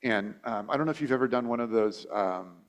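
A man's voice: medium pitch, fairly quick. Conversational man preaching a sermon. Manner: conversational, repeats and restarts words; acts out quoted voices. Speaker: pastor.

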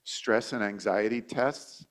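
A man's voice: lowish voice, slow, smooth. A man preaching a sermon as a pastor, talking conversationally, often repeating and restarting words, and acting out quoted voices.

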